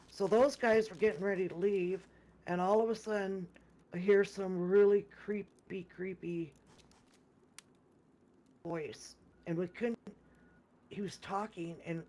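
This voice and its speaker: Casual gamer storyteller, mid pitch, rambling, stop-start delivery. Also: a little mellow, slight background noise. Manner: rambling, with many restarts and repeated words; acts out others' lines in quoted speech. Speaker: gamer recounting a game session.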